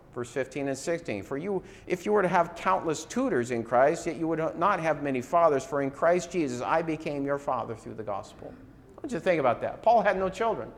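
A middle-aged man, a preacher, delivering a conversational sermon with rhetorical questions and a casual tone. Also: medium pitch.

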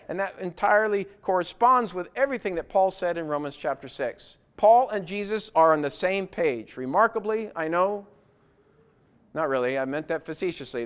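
Explaining scripture in a sermon, a man drives his argument home with emphatic rhetorical questions, rising to loud insistence. His voice sits high with a clean tone.

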